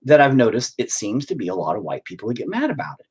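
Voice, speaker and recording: A vlogger rants in a rambling, stop-start monologue, swearing freely. His husky voice is medium in pitch and quick, and very animated, rising and dipping throughout.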